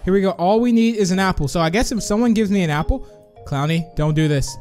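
A young man hosting a gaming video, chatting and reacting quickly with frequent laughs. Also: sits high, a little mellow, faint music behind. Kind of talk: excited gameplay commentary.

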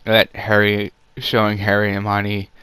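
Male reviewer, low-ish and smooth, sarcastic off-the-cuff delivery with plenty of fillers, dry close sound. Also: completely flat delivery, moderate pace, pushed and bright, no echo. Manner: sarcastic, rambling, many fillers. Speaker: movie reviewer.

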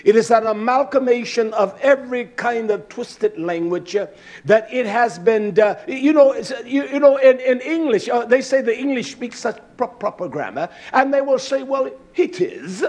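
A man preaching a combative, fiery sermon who swears freely, repeats lines for emphasis, often breaks into shouts, and fills pauses with "uh". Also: very high voice, lively intonation. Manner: often shouts, with many "uh" fillers.

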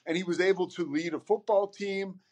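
Animated, rambling man in conversation. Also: high-pitched, brisk. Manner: animated, rambling, repeats words when starting. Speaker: podcast guest, sports broadcaster. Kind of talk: casual conversation.

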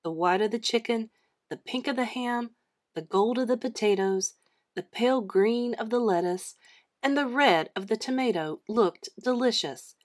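A woman reading a children's chapter book aloud with an expressive storytelling manner. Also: fairly high pitch, normal speed.

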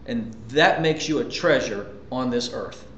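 A man's voice: mid-range voice, measured pace, fairly bright tone, echoey room, a little hiss or hum. A man preaching a sermon as a pastor, talking conversationally with emphatic repetitions and rhetorical questions to his listeners.

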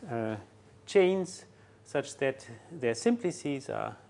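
A man giving a university mathematics lecture, halting often with fillers and restarts as he works through a proof. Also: medium pitch, lively intonation, vocal fry, a little mellow. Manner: halting, many fillers and restarts while writing.

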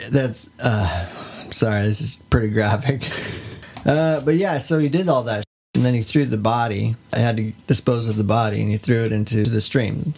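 A man's voice: medium pitch, creaky, a little mellow. A man co-hosting a podcast, telling a fairy tale in a laid-back, jokey way. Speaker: podcast co-host. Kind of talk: casual comedic storytelling.

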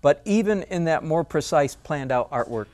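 Animated, self-mocking male art teacher. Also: a little high, normal speed. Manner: animated, self-mocking, breaks into laughs and playful squeals. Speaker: art instructor. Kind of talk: painting demonstration lesson.

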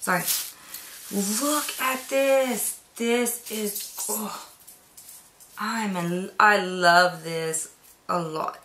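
A vlogger unboxes a swap box, chatting casually, gushing, gasping often and sometimes dropping to a whisper. Her medium-pitched voice is pushed and bright, delivered extremely slowly with long pauses. The sound is reverberant.

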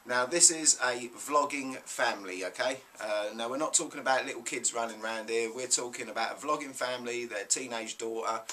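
A man with a British accent hosting a casual vlog of shout-outs, enthusiastic and checking in with "yeah?" as he talks. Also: mid-range voice, a little fast, hardly any pauses, a little hiss or hum. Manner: enthusiastic, keeps adding "yeah?". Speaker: YouTube host.

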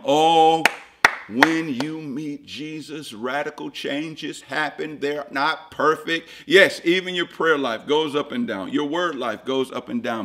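A pastor preaching to his church in a high, ringing voice. He drops to near-whispers, then surges into loud, repeated lines to drive each point home. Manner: swings from hushed to loud and preachy; repeats lines with rising emphasis. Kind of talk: sermon.

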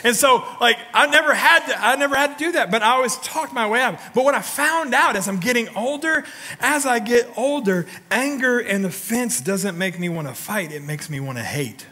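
A man preaching a sermon as pastor, telling stories with animated swings between loud punchy lines and quiet low ones, and prodding the congregation for responses. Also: normal speed, big-room sound. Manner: talks directly to the congregation, prodding them for responses. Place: church sanctuary.

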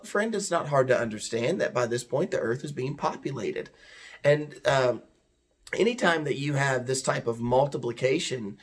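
A man teaching from the Bible in an earnest, conversational way. His voice sits at an ordinary middle pitch. He walks his listeners through the passage and stops to ask them rhetorical questions.

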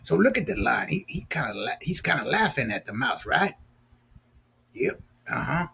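A man's voice: on the high side, very animated, moderate pace, creaky, bright, forceful tone, husky. A man reading a storybook aloud to children, chatting playfully and asking them questions between passages. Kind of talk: storybook read-aloud with asides.

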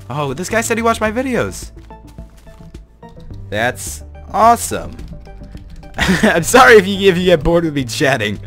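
A young man narrating his own gameplay, chatty and excitable, jumping from mumbles to panicked shouts. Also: fairly high pitch. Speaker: gaming channel host. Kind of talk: gameplay commentary.

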